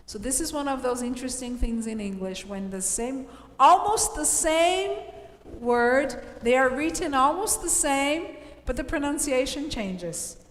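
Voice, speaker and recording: This teacher is a woman with a high, expressive voice and a measured pace. She explains English grammar patiently, frequently checking understanding with "okay?". It's recorded in a roomy, reverberant space.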